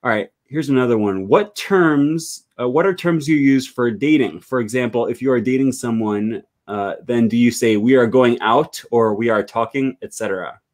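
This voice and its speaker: A man's voice: medium pitch, normal speed, few pauses, a little mellow. A male host of a live stream, rambling with many fillers as he reads viewer comments aloud on a video call.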